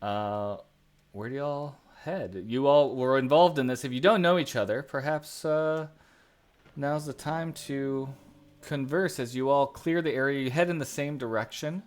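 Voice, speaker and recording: A man narrating as game master of a tabletop game, deliberate and with fillers. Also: medium pitch. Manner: slow, deliberate, uses fillers.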